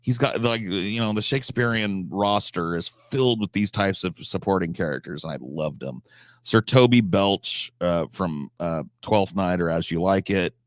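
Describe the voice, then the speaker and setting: A man's voice: deep voice, normal speed, dry recording. A man chatting casually on a live stream, answering chat questions, swearing freely, with frequent restarts and fillers.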